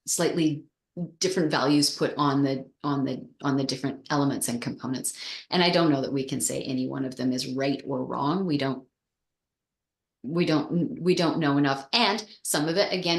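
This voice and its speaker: In a roomy-sounding recording, a woman with a deep voice who teaches osteoporosis exercise explains bone health during an interview. She's thoughtful, searching for words and frequently restarting her sentences.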